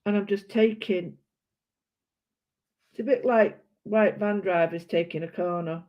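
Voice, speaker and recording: A woman's voice: medium pitch, a little slow. Rambling British woman, dull lo-fi sound. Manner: rambling, chatty, self-correcting. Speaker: art vlogger. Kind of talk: casual chat while colouring.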